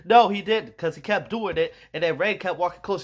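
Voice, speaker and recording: A man's voice: sits high, fairly quick, few pauses. Rambling young man ranting about a movie. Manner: rambling, exasperated, slangy, many fillers. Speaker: movie reviewer. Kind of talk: casual movie rant.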